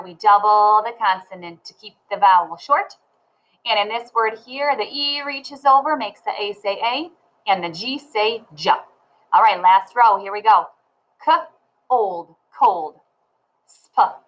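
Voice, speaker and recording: A woman teaching a phonics lesson to children, sounding out letters and words slowly and clearly. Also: medium pitch, fairly bright tone, low-quality recording.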